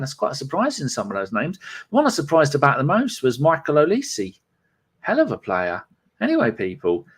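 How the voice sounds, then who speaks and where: A man hosting a casual live-stream podcast, rambling, reading out viewer comments and stumbling over names. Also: a little high. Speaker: podcast host.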